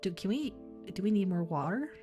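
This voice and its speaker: With a medium-pitched, animated voice and a slightly fast pace, a woman gives casual let's-play commentary on a puzzle game. She thinks aloud as she plays and throws in the odd offhand swear, with faint game music underneath.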